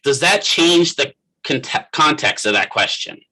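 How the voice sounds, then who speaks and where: Husky, bright-toned male lecturer. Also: on the high side, expressive, unhurried, poor audio. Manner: conversational, quizzes the class by name. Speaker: physical therapist assistant instructor. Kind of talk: classroom lecture. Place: classroom.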